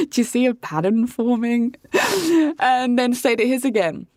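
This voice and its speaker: A woman's voice: on the high side, unhurried, dry recording, studio quality. Chatty young woman telling a candid story. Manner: candid and chatty, with frequent "like" and swearing. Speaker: vlogger. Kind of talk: casual storytelling to camera.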